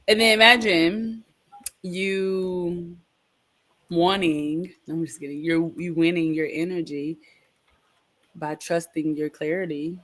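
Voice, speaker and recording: A woman's voice: lowish voice, fairly even intonation, slow, long pauses, a bit bright. Upbeat motivational woman co-host. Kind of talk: casual live-stream chat.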